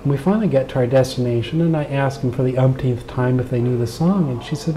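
Here a middle-aged American man with a Southern drawl talks fast, barely pausing, in a mid-range voice on poor audio. As an interview guest, he recounts a personal story earnestly and animatedly, voicing the quoted dialogue.

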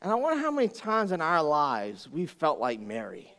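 A man preaching a sermon as pastor, folksy and joking, with animated storytelling. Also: fairly high pitch, normal speed.

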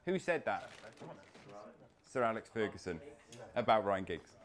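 With a fairly low pitch and a slightly slow pace, a very animated man from Wales hosts a football quiz live in a coffee shop. He jokes and chats while reading out the questions as quiz players crowd around.

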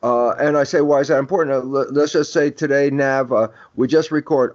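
A man's voice: medium pitch, steady tone, a little fast, a little mellow. Older guy explaining stuff on a podcast, emphatic, acts out little dialogues, kinda muffled lo-fi sound. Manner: emphatic lecturing, acting out quoted dialogue. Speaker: guest expert. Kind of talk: podcast interview, explaining ideas. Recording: dull lo-fi audio.

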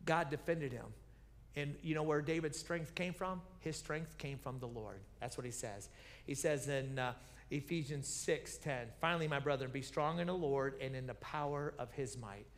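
A pastor with a slightly high voice preaches at a moderate pace in a church sanctuary, animatedly telling Bible stories. He acts out the characters' lines and repeats key phrases as he questions the congregation. It's a reverberant sanctuary broadcast.

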